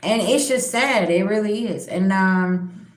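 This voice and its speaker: An unhurried woman of medium pitch talks right to the viewers of her spiritual channel. Her personal storytelling is blunt and full of swearing, captured with a roomy echo.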